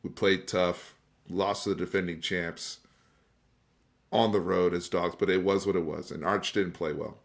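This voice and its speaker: A man's voice: low-pitched, fairly even intonation, moderate pace, vocal fry. A man hosting a casual sports debate on a live stream, emphatic and conversational, talking straight to his viewers and restarting words as he gets going. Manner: repeats and restarts words when fired up. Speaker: sports talk show host.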